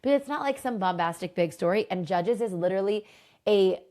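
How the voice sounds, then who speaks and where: A woman's voice: mid-range voice, expressive, a little fast, dark tone. Brief: enthusiastic woman host, chatty storytelling lesson, mid-range voice. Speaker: host and Bible teacher.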